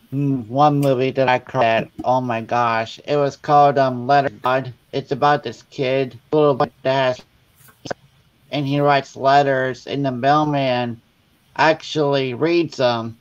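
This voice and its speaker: A man's voice: medium pitch, steady tone, slow pace, lo-fi sound. A man, a guest on a casual chat, telling stories and laughing often. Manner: laughing, tearful storytelling.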